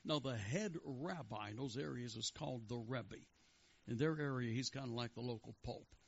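A man's voice: mid-range voice, normal speed, gravelly, breathy edge. A man preaching a sermon and delivering prophetic words, fervently calling out praise and questions to the congregation. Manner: fervent, chanting praise and call-outs. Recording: dull lo-fi sound.

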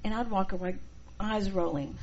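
A middle-aged woman teaching a church class, expressive and acting out the people she quotes. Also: mid-range voice, normal speed. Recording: dull lo-fi recording, faint noise.

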